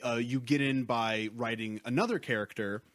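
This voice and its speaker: A man's voice: medium pitch, fairly even intonation, normal speed, fairly bright tone, no echo. A young man chatting as a podcast guest, rambling with many fillers and restarts. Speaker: podcast guest, comics creator. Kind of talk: casual podcast chat.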